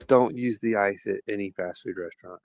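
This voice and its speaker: A man hosting a podcast, chatting casually and telling animated stories with frequent laughter. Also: on the low side, a little fast, dry recording. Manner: animated storyteller, laughs often. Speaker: podcast host. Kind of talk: casual chat.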